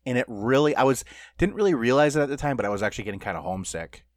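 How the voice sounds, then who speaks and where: A man co-hosts a podcast and talks in a loose, rambling way, full of "like" and "you know". His voice sits at an ordinary pitch. The sound is dry and close, with no room echo. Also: animated, very fast. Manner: rambling, filler-heavy storytelling. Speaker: podcast co-host. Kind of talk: casual chat.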